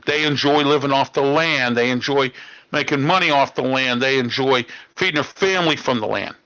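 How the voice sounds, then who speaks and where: Indignant man ranting, bright voice. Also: mid-range voice, normal speed, low-quality recording. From Pittsburgh area. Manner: ranting, indignant, repeats "okay?" and "all right?". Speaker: talk show host. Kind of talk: political commentary monologue.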